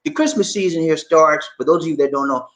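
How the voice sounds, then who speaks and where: A man's voice: on the high side, expressive, fast, fairly bright tone. A man from the USA chatting casually as a vlog host, laughing a lot and drawling out "man" as he talks. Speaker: vlogger host reading viewer comments. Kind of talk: casual chat. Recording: echoey room.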